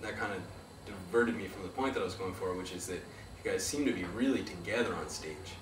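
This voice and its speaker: Rambling interviewer in a noisy room. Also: male voice, deep voice, brisk. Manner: enthusiastic, rambling praise. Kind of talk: casual interview. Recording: echoey room from far off, with noise.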